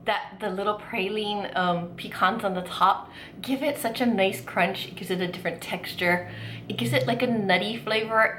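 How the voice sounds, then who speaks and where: A woman's voice: medium pitch, reverberant, a little hiss or hum. Gushing, chatty woman food vlogger. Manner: gushing, excitable, chatty with many fillers. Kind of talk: casual food tasting vlog.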